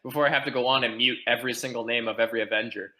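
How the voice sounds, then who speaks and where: A man's voice: mid-range voice, steady tone, racing, crowd noise, poor audio. A man talking as a guest on a casual podcast, rambling with plenty of fillers. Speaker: podcast guest, team blogger.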